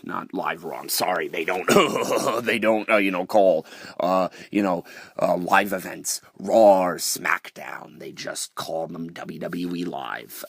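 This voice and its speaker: Low-pitched and gravelly, a young wrestling vlogger airs his opinions in an exasperated, casual rant, stumbling over fillers and restarting sentences. The sound is studio quality with no room noise.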